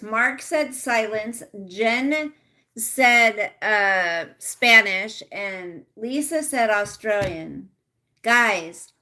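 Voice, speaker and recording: A middle-aged woman hosts a relaxed live chat, answering her viewers one by one. She speaks at an unhurried pace, reading out their comments as they arrive. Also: medium pitch. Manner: chatty, reads out viewer comments. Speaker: livestream host.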